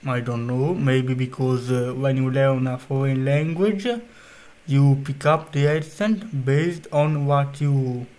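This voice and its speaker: A man's voice: medium pitch, fairly even intonation, slow, darkish tone. A man from Italy with an Italian accent, speaking English as a second language in casual, rambling chat on his stream. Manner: rambling, unpolished non-native phrasing.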